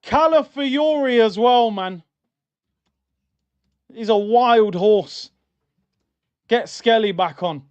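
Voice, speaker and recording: A man's voice: high-pitched, slow, pauses often, darkish tone, clean tone, lo-fi sound. A young adult man hosting a live football watchalong stream, reacting to the match and reading out chat messages in an exasperated, slangy rant.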